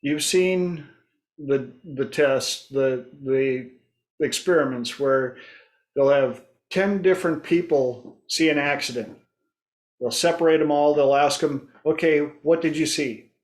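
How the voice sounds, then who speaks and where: A man's voice: on the high side, takes it slowly. A man hosting a casual group discussion, telling stories and acting out his clients' voices. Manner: storytelling, acts out clients' voices. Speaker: host.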